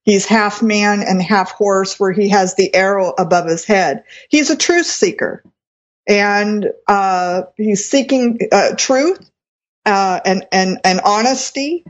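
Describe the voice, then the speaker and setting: A woman's voice: mid-range voice, slow. A woman astrologer giving a live reading on the radio, explaining as she goes and stopping to rephrase. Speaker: astrologer and reverend. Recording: dull lo-fi sound.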